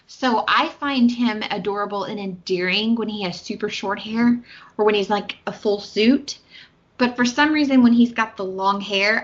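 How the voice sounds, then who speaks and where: A woman with a Southern American accent chats casually as a podcast co-host, her talk full of ums and restarts. Her voice sits at a middle pitch, and the audio is a little dull and lo-fi. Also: fairly bright tone. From Southern United States. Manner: chatty, many fillers and restarts. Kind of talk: casual chat.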